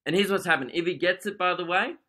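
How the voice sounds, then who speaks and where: Bright-voiced comic rambling solo. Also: male voice, sits high, fast talker. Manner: rambling, animated, laughing at his own jokes. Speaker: podcast host, comedian. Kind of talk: solo comedic monologue.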